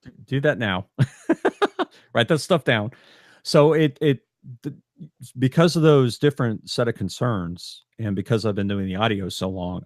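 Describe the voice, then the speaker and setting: A man's voice: fairly low pitch, dry recording, studio quality. A man co-hosting a podcast, chatting casually and bluntly, rambling with lots of stumbling restarts. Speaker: podcast co-host.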